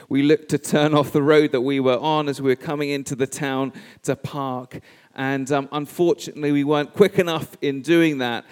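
A man delivering a sermon in slow, weighted phrases that he lets hang. His voice is smooth and resonant, with a long reverb trailing off it in a large church hall. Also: medium pitch, a little mellow. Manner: measured, emphatic phrasing with pauses. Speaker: preacher.

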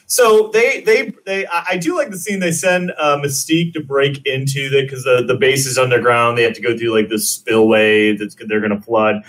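A man's voice: mid-range voice, steady tone, normal speed, hardly any pauses, fairly bright tone. A man co-hosting a casual movie podcast, rambling with fillers and laughing often. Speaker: podcast co-host.

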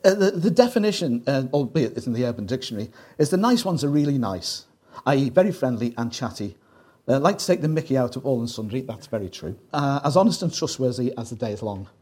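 A man with a Liverpool Scouse accent preaching to a congregation, his voice a little husky and grainy. He talks casually, with jokes and side remarks thrown in, in a middle-range voice. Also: mid-range voice, animated, quick pace, warm tone. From Liverpool, England. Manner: joking, conversational, lots of asides. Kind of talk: sermon with jokes.

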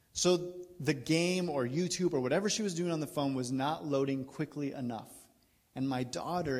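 Male guest preacher, thirties, chatty confessional sermon, slightly higher voice, long hall reverb. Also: darkish tone. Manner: candid, self-deprecating, laughs through the story. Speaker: guest speaker. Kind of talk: storytelling sermon.

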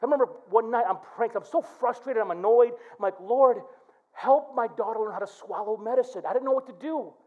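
A middle-aged male pastor preaches a sermon in a very high-pitched voice, a little fast, on a lo-fi recording. He tells stories and acts out prayers, quoting them in an animated preaching style.

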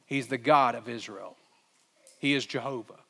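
A young shepherd speaks with solemn, defiant faith, as a preacher acts him out. The delivery is low and declaring. A long reverb trails each phrase. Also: male voice, moderate pace, gravelly, a bit bright, slightly rough. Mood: solemn defiance.

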